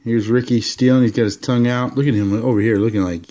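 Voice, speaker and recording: A man casually showing off his collection of sports cards, rambling along with relaxed, enthusiastic asides. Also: mid-range voice, fast talker. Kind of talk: casual card-showing vlog.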